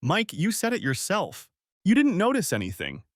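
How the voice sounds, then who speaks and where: A man's voice: high-pitched, wildly swooping pitch, moderate pace, no room sound, studio quality, pitched above the performer's own voice, exaggerated voice. A man reading a storybook part, voicing a composed adult woman who reasons in a restrained, slightly reproachful way. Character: composed cheating wife, adult woman, coolly persuasive.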